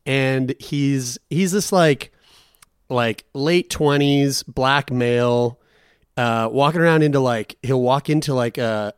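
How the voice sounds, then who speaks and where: A man of middle pitch chatting casually on a podcast and wandering off into long, animated tangents. He swears freely and laughs easily. The recording is close and dry. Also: takes it slowly, smooth, no echo. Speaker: podcast co-host. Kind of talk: casual chat.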